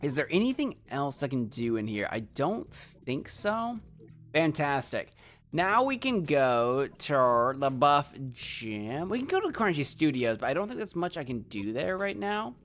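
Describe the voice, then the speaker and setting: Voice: medium pitch, big pitch swings, unhurried, fairly bright tone, soft background music. A streamer giving playful, rambling commentary while playing a video game live and talking to chat.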